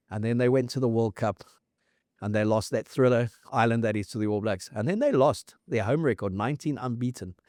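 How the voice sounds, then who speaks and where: A man's voice: mid-range voice, a little mellow, no echo, studio quality. A man hosting a casual rugby chat, telling the story at length and reeling off scores and dates. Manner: fact-heavy storyteller, reels off scores and dates. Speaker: rugby podcast host.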